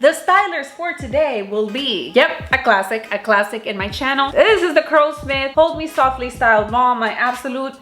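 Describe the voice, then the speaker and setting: A woman's voice: high voice, animated, moderate pace, hardly any pauses, a bit bright. A woman vlogger giving a casual hair-styling how-to, chatty, cursing offhand and talking to herself as she goes. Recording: roomy echo with faint music.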